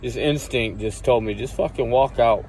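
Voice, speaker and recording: A man's voice: mid-range voice, normal speed, a little hiss or hum. A man casually telling a long personal story, cursing often and rambling with restarts. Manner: profane, rambling, acts out quoted voices loudly.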